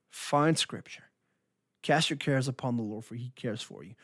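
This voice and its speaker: A Christian minister gives an earnest, encouraging devotional talk, repeating phrases for emphasis. His voice is medium-pitched and moderately paced, recorded with clean studio sound and no echo.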